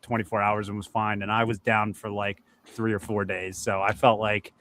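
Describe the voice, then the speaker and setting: Bright-voiced guy from Philly. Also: on the low side, little pitch movement, moderate pace. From Philadelphia. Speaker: podcast co-host. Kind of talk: casual chat.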